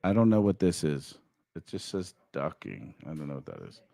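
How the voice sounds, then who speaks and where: Lively, teasing man hosting a podcast. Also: rumbling low, normal speed, gravelly. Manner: animated and playful, teasing. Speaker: podcast host. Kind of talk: joking studio banter. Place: podcast studio. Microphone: desk microphone.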